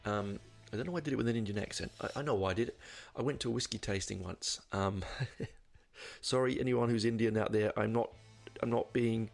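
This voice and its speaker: A man with a low, gravelly voice hosts a podcast and talks his way through an album review. He rambles, full of ums and restarts. Faint music sits underneath. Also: fairly quick. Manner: rambling, many fillers and restarts. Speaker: podcast host. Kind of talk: casual album review monologue.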